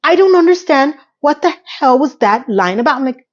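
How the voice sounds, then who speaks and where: A woman recapping a TV episode in an animated, exasperated rant, sarcastic and talking straight to her viewers, a little hoarse from losing her voice. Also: high voice, moderate pace, muffled recording. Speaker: TV recap vlogger.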